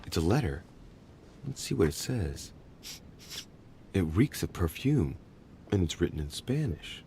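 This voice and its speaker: An actor playing a composed young male aristocrat in a video game, calm and measured. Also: deep voice, a little hiss or hum, exaggerated voice.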